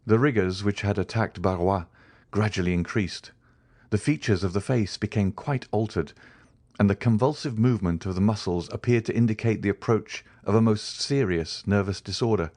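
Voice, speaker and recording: A man narrating a classic novel as an audiobook in a measured, even reading. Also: lowish voice, no echo. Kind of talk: scripted narration.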